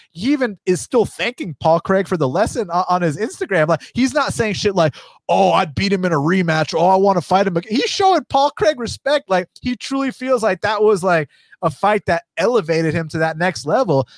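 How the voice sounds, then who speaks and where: A man hosting a casual podcast, rambling and swearing freely. His voice sits a bit high, and the recording is very dry and close. He speaks with loose, animated energy. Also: fairly quick, dry recording. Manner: profane, animated, rambling with many fillers. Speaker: podcast host. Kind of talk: casual fight-betting podcast chat.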